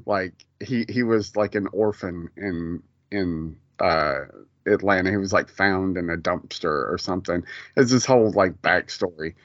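A man's voice: deep voice, measured pace, no room sound, muffled recording. A man co-hosting a casual pop culture podcast, rambling with lots of fillers and restarts. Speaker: podcast co-host.

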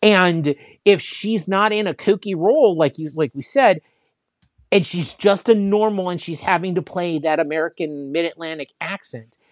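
A man's voice: sits high, normal speed, no echo, studio quality. A man chatting casually about movies, rambling with many fillers and restarts. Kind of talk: casual chat.

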